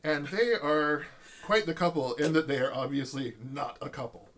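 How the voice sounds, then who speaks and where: A man's voice: fairly high pitch, moderate pace, a little hiss or hum. A man casually telling a long anecdote in a chat, acting out the people he quotes. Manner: animated storytelling, acts out quoted voices. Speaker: storyteller in a podcast chat.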